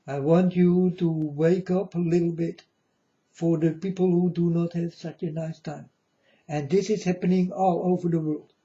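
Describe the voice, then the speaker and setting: Man, rambling preachy monologue, slightly high voice, muffled lo-fi sound. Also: steady tone, warm tone. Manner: slow, repetitive, preachy, addresses viewers as folks. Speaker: self-styled prophet. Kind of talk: rambling religious monologue to viewers. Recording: dull lo-fi sound.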